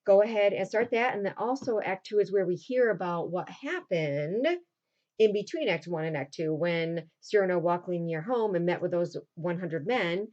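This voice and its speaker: A woman teacher in a casual recorded lesson for her students. She retells a play in plain talk and drops into quick acted lines for the characters. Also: lowish voice, animated, darkish tone, dull audio.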